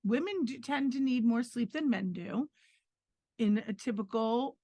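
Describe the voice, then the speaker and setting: A woman's voice: a little high, a little slow, warm tone, no room sound. Firm, matter-of-fact middle-aged woman. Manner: firm, matter-of-fact, defends her point. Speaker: podcast co-host. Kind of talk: casual chat.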